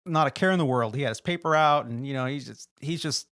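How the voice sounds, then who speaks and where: A man, a podcast host, telling animated work stories in casual chat and acting out the people in them. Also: medium pitch, quick pace, clean tone, no echo, studio quality. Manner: animated, acts out quoted people in his stories. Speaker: podcast host and flight attendant.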